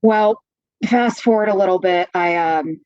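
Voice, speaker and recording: A woman from Pennsylvania, guesting on a podcast, recounts her own story candidly and animatedly, using many fillers. Her medium-pitched voice is clear and resonant, a little slow, with no echo, though the dry lo-fi audio sounds slightly dull.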